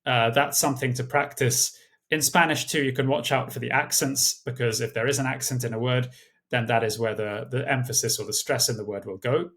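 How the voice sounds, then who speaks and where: A man giving a recorded exam tutorial, speaking in a measured way with many uh and um fillers. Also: medium pitch, steady tone, a bit bright. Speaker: language tutor. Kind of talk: screen-share exam tutorial.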